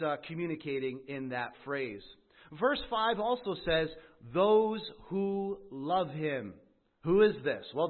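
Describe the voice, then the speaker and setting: A man delivers a sermon in a slightly raised voice. He builds to emphatic peaks and slows on the words he wants to stress. The recording is narrow and tinny, like a phone line. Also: fairly high pitch. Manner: rising emphatic preaching with slow stressed phrases. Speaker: pastor.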